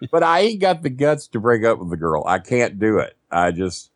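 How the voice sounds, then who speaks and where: A man's voice: on the low side, moderate pace, no room sound, clean studio sound. A man, telling crude, self-mocking stories as a podcast guest. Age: 50s. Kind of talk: casual storytelling. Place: not at a desk microphone.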